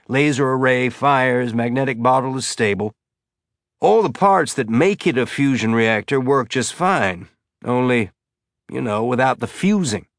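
A man voicing an easygoing male pilot with a slow, exaggerated Southern drawl. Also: medium pitch, no room sound, clean studio sound, close to an everyday voice. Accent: Southern US drawl, put on.

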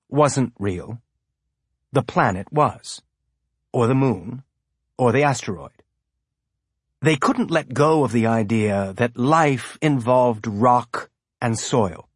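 A man narrating an audiobook in a steady, even storytelling manner. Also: mid-range voice, slightly rough, no echo, clean studio sound. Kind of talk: scripted narration.

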